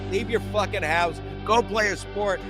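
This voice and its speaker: A man's voice: high-pitched, unhurried, music in the background. A young man hosting a sports podcast, brash and profane, rambling through his picks in casual talk.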